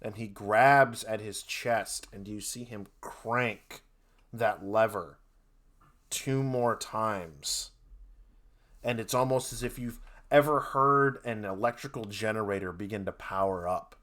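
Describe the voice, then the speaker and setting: A man's voice: on the low side, slow pace, a bit bright. A man narrating a tabletop game as game master, rambling with many fillers.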